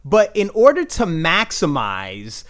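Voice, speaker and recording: A man's voice: a little high, huge pitch swings, takes it slowly, fairly bright tone. A young man hosting a casual fantasy football recap, rambling with frequent restarts and crude jokes. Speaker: fantasy football league host. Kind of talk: casual trash-talking recap.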